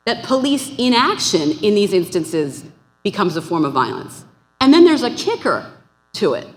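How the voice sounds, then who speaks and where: A woman's voice: fairly high pitch, fairly bright tone. Woman on a panel making her case, voice jumps around a lot, echoey hall. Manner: earnest, argumentative, restarts mid-phrase. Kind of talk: academic panel talk. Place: conference hall. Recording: conference hall reverb.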